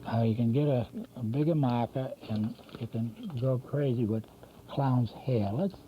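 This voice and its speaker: A man's voice: medium pitch, measured pace. An older man demonstrating cartoon drawing, talking casually and correcting himself as he works. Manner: rambling, talks while drawing, self-correcting. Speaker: drawing instructor. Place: local TV studio. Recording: dull lo-fi 1990s community TV audio with faint hum.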